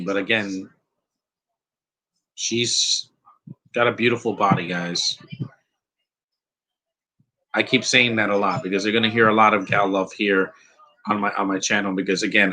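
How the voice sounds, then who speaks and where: A man's voice: on the low side, fairly even intonation, unhurried, long pauses, pushed and bright, rough recording. A man giving a rambling, opinionated live commentary over a film, restarting his sentences often. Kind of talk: casual live movie commentary.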